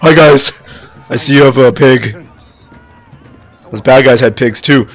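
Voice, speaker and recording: A young man doing let's-play commentary, loud and profane, breaking into squealing outbursts and jokes. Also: mid-range voice, measured pace, pauses often. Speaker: gaming YouTuber.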